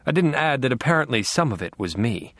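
A man narrating a first-person audiobook in a dry, wry, measured way. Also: mid-range voice, sing-song, a bit bright, no echo.

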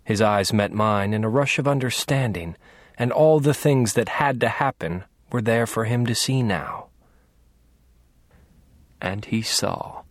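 A man narrating a first-person audiobook in a quiet, measured, menacing way. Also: on the low side, no room sound, clean studio sound.

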